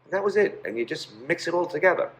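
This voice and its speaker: A man's voice: a little high, fast talker. A man, a pizzeria owner, telling stories in a casual interview, rambling with many fillers.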